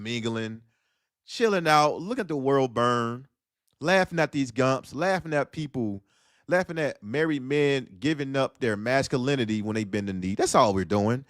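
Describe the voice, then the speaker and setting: A man's voice: mid-range voice, a bit bright, dry recording, studio quality. A man hosting a casual livestream, riffing in slangy talk and laughing between points. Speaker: livestream host.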